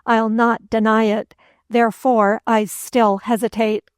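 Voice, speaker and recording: A woman playing an unflappable English gentleman in a storybook reading, cool and lightly sarcastic. Her delivery is slow and even, the pitch held flat on a somewhat high voice. The sound is dry and close. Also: clean tone, no room sound, close to an everyday voice. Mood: calmly mocking. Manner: cool, unperturbed, mildly mocking.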